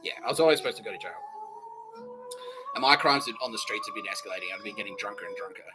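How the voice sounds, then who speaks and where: An Australian man hosting a solo comedy podcast, rambling and profane, laughing often and slipping into quick impressions. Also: lowish voice, lively intonation, over music, poor audio. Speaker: podcast host.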